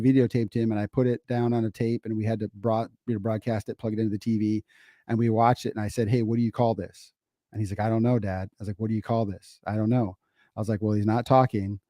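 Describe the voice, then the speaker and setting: A middle-aged man talks through a casual podcast, his tone mellow and warm. He tells stories with energy and repeats key phrases for emphasis. The mic is close and the sound is dry. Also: mid-range voice, no room sound. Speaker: podcast co-host, father.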